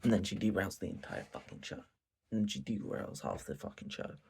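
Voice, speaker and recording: Guy ranting and swearing at midnight, mellow husky voice but bouncing all over. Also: low-pitched, fairly quick. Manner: animated, profane, repetitive ranting. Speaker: anime reviewer. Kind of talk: late-night ranting vlog.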